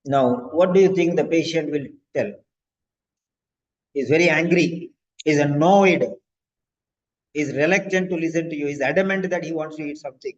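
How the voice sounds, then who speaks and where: Brief: upbeat male tutor grading student sentences, somewhat high voice, dull lo-fi audio. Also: normal speed, pauses often. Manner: encouraging, corrects and grades student sentences. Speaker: language teacher. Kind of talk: online exam-prep class.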